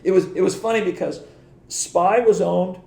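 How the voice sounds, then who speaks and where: A man's voice: sits high, normal speed, vocal fry, a little mellow. A middle-aged man, a podcast guest, telling rambling anecdotes in casual interview talk, acting out quoted dialogue, restarting sentences and swearing now and then. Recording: echoey room.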